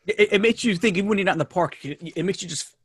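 A man's voice: sits high, racing, fairly bright tone, husky, no echo, studio quality. A man with a New York accent, a podcast guest chatting enthusiastically and rambling with many restarts. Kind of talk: casual chat.

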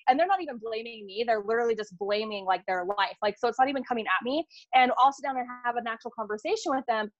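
A woman business coach talking as a podcast guest, rapid and animated, saying "like" and "literally" often. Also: fairly high pitch, no room sound, highs cut off. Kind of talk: casual podcast interview.

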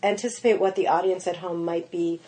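A woman's voice: lowish voice, brisk. A woman guest on a podcast, telling stories in casual chat, full of "like" and "you know", and acting out what people said. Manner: animated storyteller, lots of "like" and "you know", acts out quotes. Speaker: guest, pastry chef.

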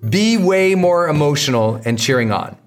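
Energetic man teaching with emphatic repetition. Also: on the high side, moderate pace, soft background music. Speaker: podcast host teaching marketing. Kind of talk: motivational teaching talk.

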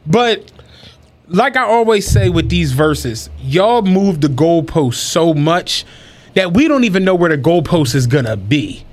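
Man, podcast co-host, animated storyteller, high pitch, very expressive. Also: a little slow. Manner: animated, profane, acts out quotes with laughter. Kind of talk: casual storytelling chat.

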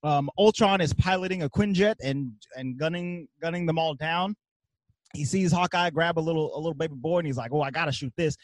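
A man's voice: on the high side, a little fast, no room sound, low-quality recording. A man casually recapping a film's plot as podcast co-host, with ums and little laughs. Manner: recounts plot with hums and giggles. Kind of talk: casual movie recap chat.

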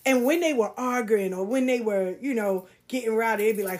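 A middle-aged woman telling a personal story, candid and animated, swearing casually and using slang. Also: fairly high pitch, a little fast, hardly any pauses. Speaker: podcast host.

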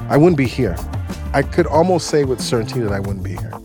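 A man's voice: mid-range voice, brisk. Man telling a story over music. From United States. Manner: animated, heavy use of 'like'. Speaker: storyteller guest. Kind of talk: personal storytelling. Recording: music playing underneath.

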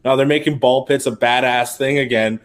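A man's voice: mid-range voice, steady tone, a little fast. Rambling man chatting on a podcast. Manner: rambling, heavy use of "like". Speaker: podcast co-host. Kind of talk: casual podcast chat.

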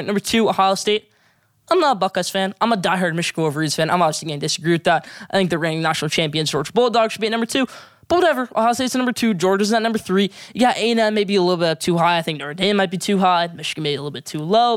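A young adult hosting a sports podcast, giving excitable, opinionated takes and hyping players in casual talk. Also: medium pitch, very fast, dry recording, studio quality.

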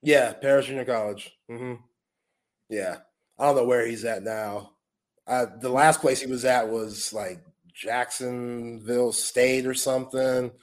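A man co-hosting a sports podcast, telling a lively story from his college basketball days, laughing often and filling with "like" and "you know.". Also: mid-range voice, measured pace. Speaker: co-host, former junior college basketball player.

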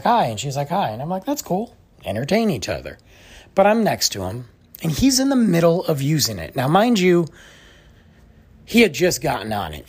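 A man's voice: medium pitch, darkish tone, husky. A young adult man, a podcast host telling a story in a casual, exasperated way and acting out the others' lines.

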